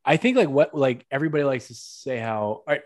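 A young man from Western Massachusetts with a light local accent hosts a casual podcast chat. His voice sits in an ordinary middle register, and his stories come out lively and animated. He acts out other people's lines as he goes. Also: mid-range voice, fast. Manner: animated storytelling, acting out quotes. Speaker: podcast host.

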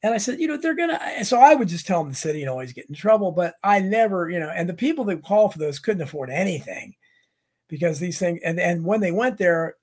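A man's voice: high-pitched, animated, a little fast, a little mellow, husky. A middle-aged man from the United States hosting a livestream, reading viewer comments and rambling through anecdotes with many restarts. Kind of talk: casual rambling chat.

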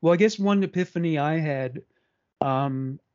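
A man in his forties chats bluntly and crudely as a podcast co-host, with a voice that sits a little high for a man. The recording sounds dull and lo-fi. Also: moderate pace, a little mellow. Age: 40s. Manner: frank, rambling, crude. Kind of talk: casual chat.

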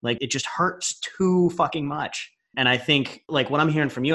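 Bright-voiced man, coaching podcast host. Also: medium pitch, fairly quick, few pauses. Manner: candid, encouraging, swears casually. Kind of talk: casual interview chat.

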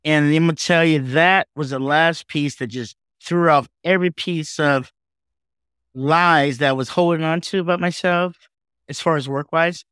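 Heartfelt, animated man telling his story. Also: a little high, moderate pace, smooth, no room sound, clean studio sound. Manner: heartfelt, animated, says "man" and "okay?" often. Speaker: podcast guest. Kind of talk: emotional personal storytelling.

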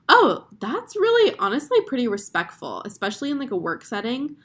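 A woman's voice: on the high side, huge pitch swings, brisk. A young woman in her twenties hosting an advice show, talking casually and earnestly, with lots of fillers. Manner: chatty, filler-heavy, earnest. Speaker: advice podcast host.

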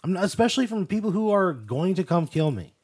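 A man pushes back with exasperated, profane protests in improvised comedy banter. His voice is a little husky, slightly raised in pitch, and swings widely in tone. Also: very animated, quick pace, a little mellow. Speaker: podcast co-host.

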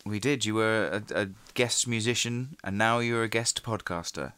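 A man's voice: fairly low pitch, normal speed, fairly bright tone, clear, resonant tone. A man co-hosting a comedy podcast, explaining things in a casual, laughing way. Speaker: podcast co-host.

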